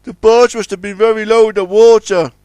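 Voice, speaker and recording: A man's voice: high voice, steady tone, a little fast, warm tone, smooth, dry recording, pitched above the performer's own voice, close to an everyday voice. A man voicing an eager, careless young male tugboat in a storybook reading. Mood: sheepish.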